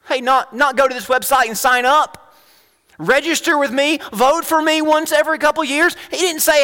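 A male pastor preaching a sermon, animated and full of rhetorical questions, swinging between loud and hushed. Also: very high voice, normal speed, long reverb tail.

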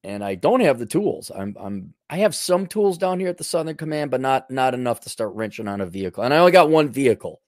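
A man's voice: medium pitch, sing-song, quick pace, few pauses, no room sound, clean studio sound. A middle-aged man hosting a rambling, sarcastic monologue. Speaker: host.

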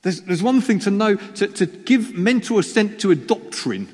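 A man's voice: sits high, very animated, moderate pace, a little mellow, breathy edge. A male preacher giving a chatty sermon, teasing the congregation and poking fun at himself. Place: church hall. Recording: long reverb of a church hall.

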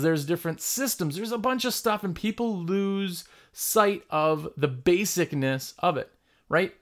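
A man hosting a casual video about his trade, talking bluntly and emphatically, often repeating himself. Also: a little high. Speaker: window cleaning business owner and video host. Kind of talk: casual vlog talk.

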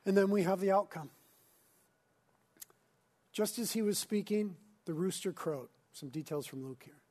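An earnest male pastor delivering a sermon. His voice sits somewhat high for a man. He swings between urgent, pressing emphasis and hushed, whispered intimacy.

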